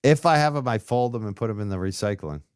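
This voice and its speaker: A man's voice: fairly low pitch, animated, fast, a little mellow, clean tone, no room sound, clean studio sound. A man hosting a casual livestream chat on his computer microphone, laid-back and laughing easily. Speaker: show host.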